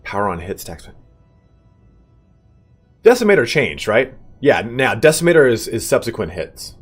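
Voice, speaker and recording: A man in his thirties talks loosely over his game stream, rambling from one story to the next with frequent laughs and casual swearing. His voice sits fairly low. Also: very animated, normal speed, husky, faint music behind. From California. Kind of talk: casual chat while gaming.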